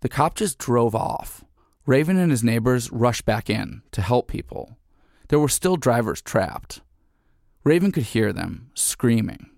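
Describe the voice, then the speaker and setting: Gravelly male narrator, dry close sound. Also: medium pitch, animated, a little slow, darkish tone, dry recording. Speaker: narrator and producer. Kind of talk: scripted narration.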